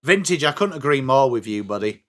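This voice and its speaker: A man's voice: medium pitch, sing-song, brisk. An English man hosting a live sports watch-along stream, calling the play and chatting to viewers in between. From England. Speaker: livestream host.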